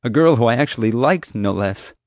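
A man reading a first-person adventure story aloud as narrator, steady and vivid. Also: mid-range voice, brisk, no room sound, studio quality. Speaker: audiobook narrator.

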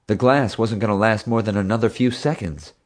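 Low male narrator, steady scripted read. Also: a little fast. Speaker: audiobook narrator.

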